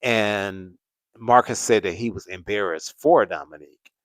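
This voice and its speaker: A man's voice: on the low side, measured pace, no room sound. A man hosting a casual live-stream commentary, rambling and hesitant with lots of fillers and restarts. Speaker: commentary channel host.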